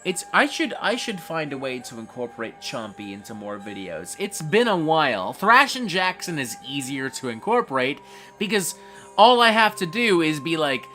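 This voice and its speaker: A man's voice: on the high side, sing-song, normal speed, sharp tone, soft background music. A man hosting a casual livestream, reading chat messages aloud and reacting with frequent swearing.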